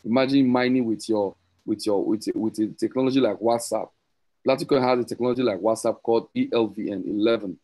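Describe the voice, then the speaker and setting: A man giving an excited, rambling sales pitch on an online call, repeating and correcting himself as he goes. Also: brisk, poor audio. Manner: rambling, repetitive, self-correcting, teasing. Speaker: crypto promoter hosting a group call.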